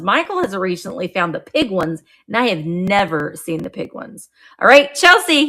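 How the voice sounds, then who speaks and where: A middle-aged woman hosting a live online auction of vintage items, chatting warmly and greeting viewers by name as she describes each piece. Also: medium pitch. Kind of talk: live-stream sales chat.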